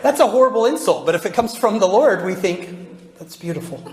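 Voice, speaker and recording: A man's voice: high-pitched, fast talker. Joking male speaker in an echoey hall. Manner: joking, animated, quizzes the audience with questions. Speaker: religious speaker. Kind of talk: humorous devotional talk to a live audience. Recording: echoey hall with faint background noise.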